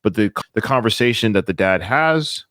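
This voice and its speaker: A man hosts a casual film podcast, retelling scenes with lively conversational energy. His voice sits on the low side. It is recorded close and dry, with no room sound. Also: moderate pace, no echo. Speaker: podcast host. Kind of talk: casual film review chat.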